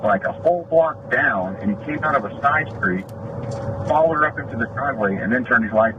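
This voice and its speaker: Muffled, noisy video audio captures a man, an off-duty deputy, sitting in a vehicle and brusquely recounting a complaint about a dispute. His mid-range voice is expressive and brisk, and his tone aggrieved as he gives this personal account.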